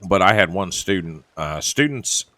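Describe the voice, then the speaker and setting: A man's voice: low voice, animated, normal speed, bright, forceful tone. A man with a Southern accent telling rambling, wry trucking stories while chatting over a game. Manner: drawling storyteller, chatty and wry. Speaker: streamer and former truck driver. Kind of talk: casual gaming chat and storytelling.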